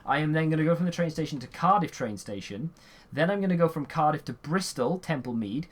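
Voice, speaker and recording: A man's voice: a little high, expressive, brisk. A young man chatting casually while he plays a game and answers viewer questions, rambling and sarcastic, often yawning. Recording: faint background noise.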